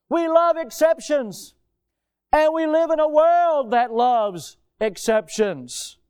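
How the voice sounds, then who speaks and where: A man preaching a sermon, emphatic, asking his listeners questions and answering them himself, swinging between loud stressed lines and low quiet ones. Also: clean tone. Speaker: preacher and teacher.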